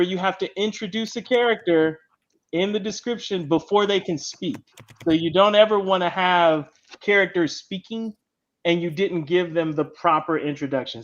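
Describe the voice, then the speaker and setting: A man's voice: high voice, highs cut off. A man hosting a casual panel chat about writing comics, explaining step by step and tagging "right?" onto his points. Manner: chatty, explains step by step, keeps adding "right?". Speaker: show host and comic writer.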